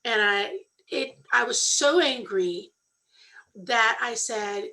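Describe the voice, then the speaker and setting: A woman candidly telling her own story on a talk show, earnest and animated when she quotes others. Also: on the high side, slow pace, low-quality recording. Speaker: podcast co-host sharing her story.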